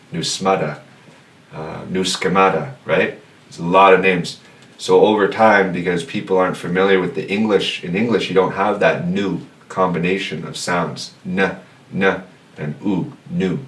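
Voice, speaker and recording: In an echoey classroom, a language teacher with a very low, slightly bright voice leads a lesson. He repeats words slowly and patiently for the students. He's distant from the mic, over a faint background hiss.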